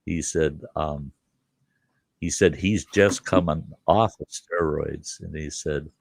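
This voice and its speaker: Low gravelly older man telling a story. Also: slow, no room sound. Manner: folksy, chuckling, acts out quoted voices. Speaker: storyteller host. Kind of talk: casual spoken storytelling.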